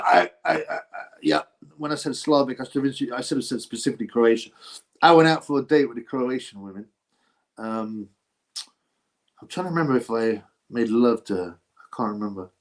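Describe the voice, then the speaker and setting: In a medium-pitched, somewhat mellow voice, a man rambles chattily through a casual boxing livestream as its host, with frequent fillers and laughs.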